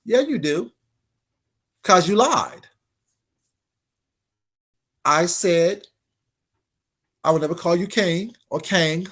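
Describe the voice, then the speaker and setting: A man's voice: fairly high pitch, slow, long pauses. A man giving a brash, confrontational casual monologue as an online commentator.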